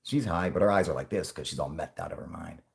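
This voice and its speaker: A man's voice: deep voice, quick pace, gravelly. Stoned, foul-mouthed young man rambling. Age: 20s. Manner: rambling, profane, laughing often. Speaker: channel host. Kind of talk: casual livestream chat.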